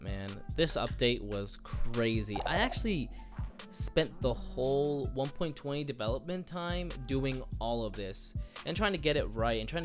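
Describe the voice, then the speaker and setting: A young man casually showing off a texture pack he made, relaxed and chatty with plenty of "like" and "man". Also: medium pitch. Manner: laid-back, lots of "like" and "man" fillers. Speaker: texture pack creator showcasing his work. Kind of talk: casual gaming commentary. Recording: music playing underneath.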